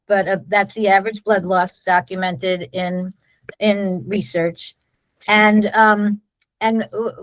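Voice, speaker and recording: A woman's voice: mid-range voice, fairly bright tone, no room sound, rough recording. A middle-aged woman, a nurse-midwife, explaining a birth protocol in a conversational way, full of restarts and fillers.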